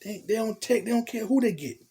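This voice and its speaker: Worried young woman on the phone, put on by a man, high and raspy, profusely sorry. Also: warm tone. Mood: apologetic. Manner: fretful, fast apologizing.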